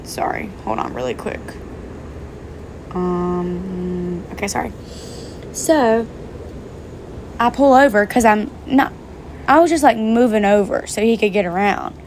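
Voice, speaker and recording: A woman's voice: mid-range voice, a little slow, gravelly, pauses often, noisy background. Chatty, swearing young woman telling a story. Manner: chatty, profane, speaking straight to viewers. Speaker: vlogger. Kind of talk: casual storytime vlog. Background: faint rain.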